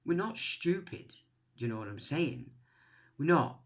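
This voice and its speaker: A man's voice: fairly high pitch, sing-song, measured pace. A man hosting his channel, giving a casual opinion monologue in a blunt, swearing, ranting manner. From England. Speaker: channel host.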